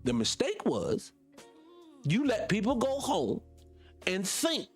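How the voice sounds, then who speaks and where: A man with a Southern US accent hosting a radio show, talking off the cuff in an animated, preachy way, firing rhetorical questions and swearing casually. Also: high-pitched, slow pace, husky, faint music behind. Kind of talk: off-the-cuff monologue.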